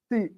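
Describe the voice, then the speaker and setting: A man teaching a sales class, emphatic and talking straight to his students. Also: highs cut off. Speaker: real estate sales trainer. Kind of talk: motivational class lecture.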